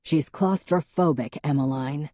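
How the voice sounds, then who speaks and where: A man's voice: fairly high pitch, unhurried, warm tone, no room sound, clean studio sound, close to an everyday voice. A woman reading an audiobook, voicing a blunt young man who speaks in cold, clipped anger.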